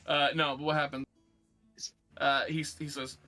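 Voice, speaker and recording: Bright-voiced rambling game master. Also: male voice, fairly high pitch, little pitch movement, a little slow, long pauses, soft background music. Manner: rambling, full of fillers and restarts. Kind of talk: narrating a tabletop game.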